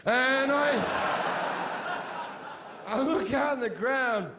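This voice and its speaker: Brash stand-up comic, high voice. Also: male voice, extremely slow, a little hiss or hum. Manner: crude, shouty punchlines with sudden yelled quotes. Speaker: stand-up comedian. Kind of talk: stand-up comedy storytelling. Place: comedy stage before a laughing audience.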